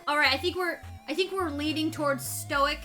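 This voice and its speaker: A woman's voice: high-pitched, normal speed, soft background music. A woman co-hosting a live game stream, chatting casually and bubbly with viewers and her co-host. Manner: bubbly, animated, laughs often and talks to chat.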